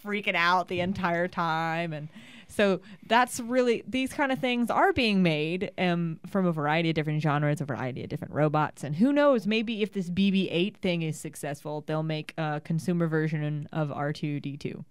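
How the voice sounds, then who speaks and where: A young woman co-hosting a casual radio show, chatting excitedly through tech news with lots of restarts. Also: fairly low pitch, moderate pace, clear, resonant tone, no echo, clean studio sound. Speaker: podcast co-host reading tech news.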